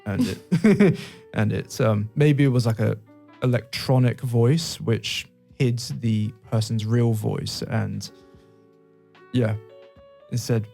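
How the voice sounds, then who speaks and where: British man, gravelly voice, mellow tone, casual podcast chat, laughing storyteller, faint music behind. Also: lowish voice, slow pace. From England. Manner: laughs often, storytelling with asides. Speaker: podcast co-host.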